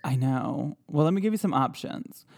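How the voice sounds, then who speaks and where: A man hosting a casual podcast chat in a playful, joking manner, quick to laugh. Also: medium pitch, lively intonation, gravelly, a little mellow. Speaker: podcast host.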